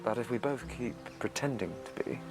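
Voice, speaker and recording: An actor playing a weary, wise male alien time traveller, speaking in a soft, measured way. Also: medium pitch, music in the background, lightly acted. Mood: reflective. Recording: film clip with score underneath.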